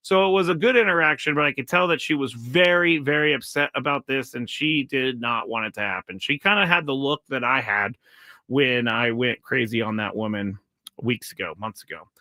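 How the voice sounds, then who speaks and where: A man's voice: medium pitch, moderate pace, bright, forceful tone, no echo. A man hosting his own live show, telling a rambling story and reading out viewer comments. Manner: rambling, self-correcting storytelling; reads viewer chat comments aloud. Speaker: show host. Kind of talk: casual live-stream monologue.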